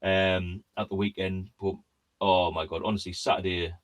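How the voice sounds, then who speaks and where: This quiz host's voice sits low, with a level tone and an ordinary pace. In a casual online chat, he wanders through a story, stopping and restarting and leaning on plenty of fillers.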